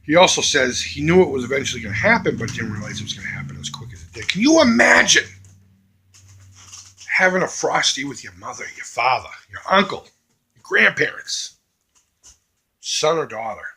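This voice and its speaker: A middle-aged man making an earnest, emphatic charity appeal to his viewers as a vlogger, swinging between loud and hushed. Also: medium pitch, sing-song, moderate pace, gravelly, slightly rough.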